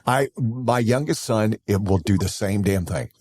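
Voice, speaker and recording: A man hosting a casual podcast interview, speaking in an earnest, expressive way. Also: unhurried, no room sound. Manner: expressive, earnest, wide swings in pitch. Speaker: podcast host.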